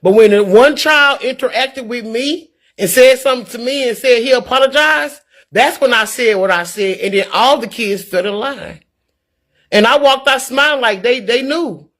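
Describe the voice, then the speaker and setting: A woman talking casually to her viewers in a vlog, in an animated, preachy, folksy way. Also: on the high side, moderate pace. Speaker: vlogger. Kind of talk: casual talk to camera.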